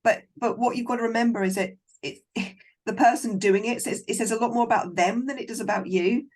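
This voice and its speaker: A woman's voice: a little high, a little fast, darkish tone. A woman filmmaker, a guest in a casual interview, talking in a frank, encouraging and emphatic way over a video call.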